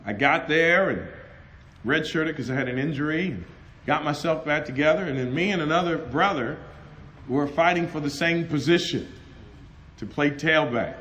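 A middle-aged man preaching a sermon at a conference, telling personal stories with animated, laughing delivery and acted-out dialogue. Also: a little high, moderate pace, slight background noise. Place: conference hall.

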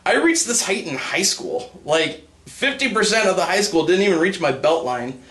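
A young man doing a stand-up set for a live crowd, halting with many ums and uhs and breaking into high put-on voices. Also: expressive, a bit bright. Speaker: stand-up comedian. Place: comedy stage with a live audience.

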